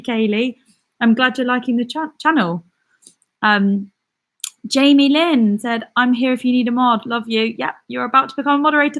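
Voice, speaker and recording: A woman's voice: on the high side, fairly bright tone. A young British woman hosting a live stream, chatting casually and giggling as she reads out viewer comments. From Britain. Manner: chatty and giggly, with frequent ums and laughs.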